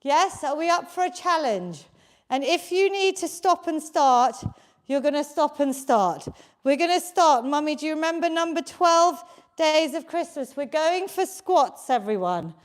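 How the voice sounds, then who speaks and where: A woman's voice: sits high, lively intonation, a little slow. A woman leading a live home workout, encouraging everyone and counting the reps aloud. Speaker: fitness instructor. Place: home basement.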